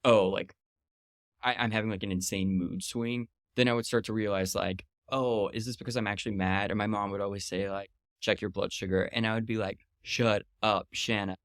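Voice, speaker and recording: A man's voice: fairly low pitch, fairly even intonation, a little fast, no room sound, studio quality. A man in his thirties, a podcast guest talking casually and chattily, full of fillers and quoted retorts. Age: 30s.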